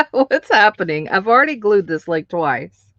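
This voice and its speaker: A woman's voice: medium pitch, very animated, measured pace, fairly bright tone, no room sound, lo-fi sound. A woman hosting a live stream, chatting casually with viewers while she crafts, laughing often.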